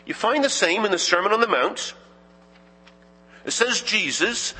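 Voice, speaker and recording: A man, preaching a sermon as a pastor, measured and emphatic, posing rhetorical questions to the congregation. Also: high-pitched, expressive, sharp tone, husky. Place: church sanctuary. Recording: reverberant church hall.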